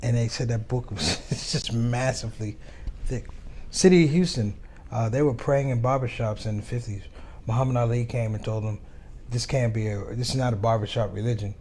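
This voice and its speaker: A man's voice: medium pitch, brisk, slight background noise. A man, a comedian guest, telling stories in casual chat and acting out the voices of the people in them. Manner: animated storyteller, acts out dialogue. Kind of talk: storytelling chat.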